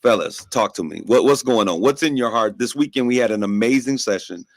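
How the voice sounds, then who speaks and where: A man's voice: medium pitch, a little fast, dry recording. A man hosting a studio talk show, speaking in an emphatic, rallying, preacherly way. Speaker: host.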